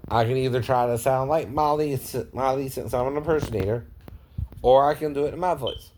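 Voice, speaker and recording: A man's voice: mid-range voice, a little fast, darkish tone, a little hiss or hum. A man who works as an impersonator talks casually to his viewers, keeps adding "right?" and chuckles often. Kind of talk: casual vlog monologue.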